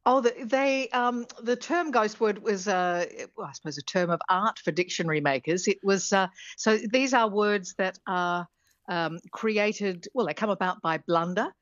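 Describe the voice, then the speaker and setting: A woman's voice: mid-range voice, normal speed, no room sound. Hesitant woman professor on a dull line. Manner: hesitant, many fillers and restarts, laughs often. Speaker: linguistics professor guest. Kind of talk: radio interview explanation.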